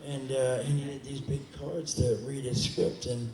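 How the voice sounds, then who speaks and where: A man with a mid-range, mellow voice fields audience questions at a convention panel, speaking at a measured pace with a flat delivery. It's a casual Q&A where he rambles, jokes and swears freely. The hall is echoey, with background noise.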